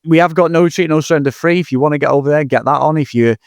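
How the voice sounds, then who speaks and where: A man's voice: on the high side, creaky, no room sound. A man co-hosting a film podcast, chatty and breezy as he runs through plugs and thank-yous. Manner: chatty, reads sign-off plugs briskly. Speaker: podcast co-host. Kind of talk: casual film-podcast chat.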